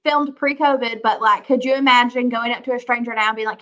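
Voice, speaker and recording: Tired young woman co-host, casual y'all-heavy chat, bright higher voice. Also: fairly even intonation, quick pace. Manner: casual, says y'all often.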